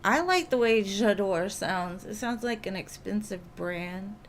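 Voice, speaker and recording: Woman, mid-pitched, casual tarot reader on a live stream, chatty and reassuring, faint noise behind. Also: expressive, measured pace. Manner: reassuring, chatty, many fillers like "like".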